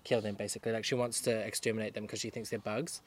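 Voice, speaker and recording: A man's voice: lowish voice, level tone, fast. A young man, co-hosting a casual podcast outdoors in a garden and retelling a film plot with lots of fillers. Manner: rambling storyteller, many fillers. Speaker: podcast co-host. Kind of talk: casual chat.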